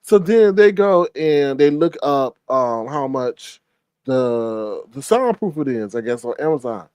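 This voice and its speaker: Man, gossip commentary host, animated and dramatic, lively pitch swings, dry close mic. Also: a little slow, smooth, dry recording. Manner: animated, exclaiming, dramatic retelling.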